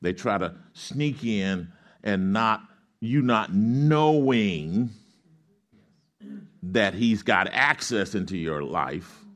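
A man with a low, steady voice preaching to his congregation. He reads scripture and then works through it like a teacher. He keeps asking questions for the crowd to answer back. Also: slow. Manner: reads scripture aloud, explains Greek grammar. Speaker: pastor. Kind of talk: sermon with call-and-response.

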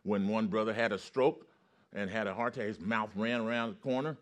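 A man preaching a sermon with call-and-response, his storytelling rising to loud excitement. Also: lowish voice, a little fast.

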